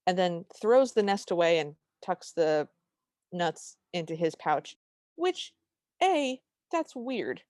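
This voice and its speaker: A woman's voice: on the low side, very animated, slow, darkish tone, no room sound, studio quality. A woman co-hosting a casual podcast, recapping a film in a chatty, enthusiastic way. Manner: chatty and enthusiastic, with lots of fillers and restarts. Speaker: podcast co-host.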